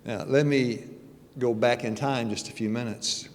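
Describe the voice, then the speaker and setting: In a church sanctuary with a long, echoing reverb, a man in his sixties, a church elder and guest speaker, preaches in a folksy, joking, conversational way while sharing his own testimony. His voice is mid-range, steady, and darkish, delivered at a measured pace.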